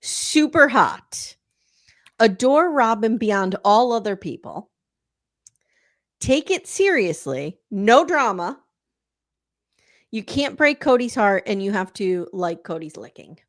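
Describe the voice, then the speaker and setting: Expressive woman guest on a recap. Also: mid-range voice, slow, long pauses. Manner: expressive, agreeable, chiming in. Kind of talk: casual recap chat.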